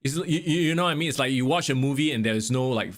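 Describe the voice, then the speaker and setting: A man hosting a casual wrestling podcast, talking in an animated way with swearing and sudden exclamations. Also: mid-range voice, racing. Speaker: podcast host.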